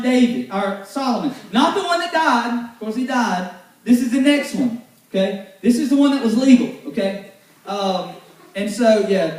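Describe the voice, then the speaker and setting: A man preaching a casual, joking sermon to a youth group in a church hall. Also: extremely high pitch. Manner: joking, loud and animated, teasing the sound crew. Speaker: youth pastor. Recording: echoey hall, voice far from the mic.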